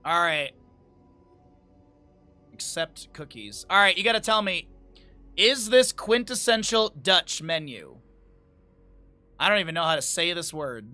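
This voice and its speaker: A man's voice: sits high, sing-song, measured pace, long pauses, bright, forceful tone, soft background music. A man streaming, chatting casually with his chat, laughing often and reading aloud from a menu. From Lake Tahoe area, United States.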